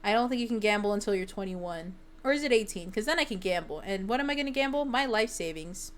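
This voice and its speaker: A woman's voice: mid-range voice, animated, fast talker. A young woman streamer chatting casually with her viewers, rambling with lots of fillers and giggles. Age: young adult.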